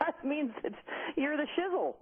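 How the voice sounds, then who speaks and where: A woman's voice: high-pitched, expressive, unhurried. Gushing, theatrical woman on lo-fi line. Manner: gushing, theatrical, self-mocking. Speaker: radio host guest on call. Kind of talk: casual on-air banter.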